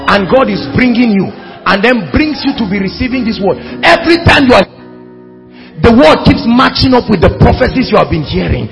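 A man preaching a sermon, swinging between hushed words and shouting. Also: sits high, lively intonation, a little fast, creaky, highs cut off. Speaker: pastor. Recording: hall reverb with faint music.

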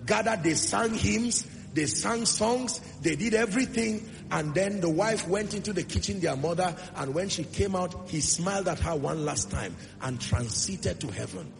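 Gravelly high-voiced preacher in echoing hall. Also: male voice, lively intonation, moderate pace, few pauses, background noise. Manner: emphatic, rhetorical questions, swings from loud declarations to soft asides. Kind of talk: sermon. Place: church hall with congregation. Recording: long hall reverb with music underneath. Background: music.

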